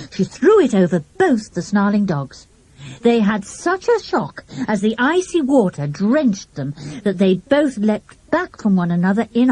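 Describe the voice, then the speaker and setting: A woman narrating a children's mystery audiobook with a lively, expressive reading. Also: medium pitch, no room sound. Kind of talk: storybook narration.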